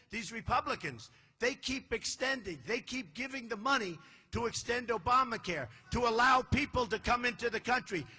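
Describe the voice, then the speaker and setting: In a large indoor arena, an older American man running for office gives a boastful, repetitive rally speech full of punchy phrasing. His voice is high, sharp, and husky.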